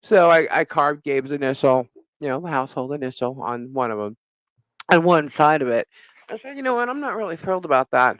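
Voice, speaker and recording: A man's voice: a little high, fairly quick, no room sound, rough recording. A middle-aged man co-hosting a live talk show, telling a neighbor story in casual chat, laughing often and cursing freely. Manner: animated storyteller, frequent laughter, swears. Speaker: podcast co-host.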